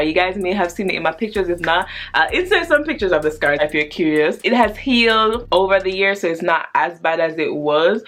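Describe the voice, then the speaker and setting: A woman in her twenties telling a personal story on her casual vlog, animated and chatty, with slang and swearing. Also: medium pitch. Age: 20s.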